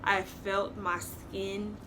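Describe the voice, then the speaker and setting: A woman's voice: medium pitch, drawn-out words, background noise. A woman vlogger dramatically retelling a story to her viewers in a casual storytime vlog. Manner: animated, dramatic retelling, talks to viewers as y'all.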